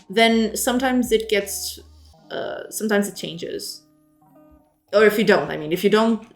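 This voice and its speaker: A woman's voice: mid-range voice, gravelly. A woman at her computer chatting with viewers while she codes, in a loose, talkative way. She pokes fun at herself and giggles often. Faint music plays behind her. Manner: giggly, self-deprecating, often breaks into laughter; chatty, reads and answers viewer messages. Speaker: game developer streamer. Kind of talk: casual live-stream chat while coding.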